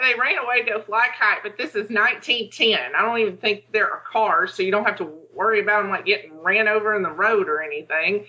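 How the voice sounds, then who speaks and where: A chatty woman co-hosts a casual podcast, with lots of fillers, and acts out her own thoughts as she talks. Her voice is bright and crisp, and the recording sounds a little dull. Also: medium pitch, fast, hardly any pauses. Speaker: podcast co-host.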